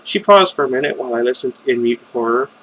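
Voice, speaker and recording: A man's voice: medium pitch, lively intonation, fast talker, fairly bright tone, a little hiss or hum, poor audio. Amateur male reader narrating a fan novel in first person; informal, with stumbles and off-script asides. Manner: stumbles and makes chatty side comments. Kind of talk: reading a fan novel aloud with casual asides.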